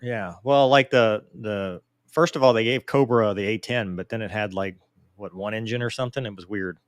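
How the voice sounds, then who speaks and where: Answering viewer mail during a casual live Q&A, this man in his forties stays animated, joking and self-deprecating throughout. He speaks in a lowish voice at a moderate pace, with no room sound in the recording.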